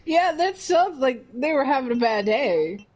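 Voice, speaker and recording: A woman's voice: high voice, lively intonation, a little slow, darkish tone, a little hiss or hum. A woman hosting a gaming stream, chatting casually and laughing easily. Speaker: gaming channel host.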